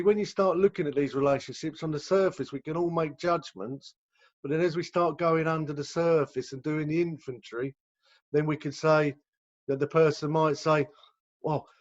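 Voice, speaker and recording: A man's voice: fairly high pitch, fairly even intonation, moderate pace. Man explaining recovery on a lo-fi call. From England. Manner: conversational, acts out quoted voices. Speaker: rehab director. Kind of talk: recovery talk over video call. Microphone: video call. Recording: dull lo-fi video call audio.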